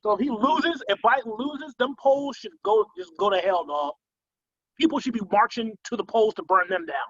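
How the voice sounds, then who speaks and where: A man's voice: high voice, moderate pace, fairly bright tone, breathy edge, dry recording. A man co-hosting a podcast in casual, profane, joking chat, laid-back and teasing, on muffled remote call audio. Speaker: podcast co-host.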